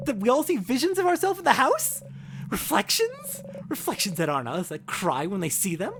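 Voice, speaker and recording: Animated woman, lively swooping voice. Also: moderate pace. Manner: animated, voice leaping high in disbelief. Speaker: let's play host. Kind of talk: reading game dialogue aloud with commentary. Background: game music.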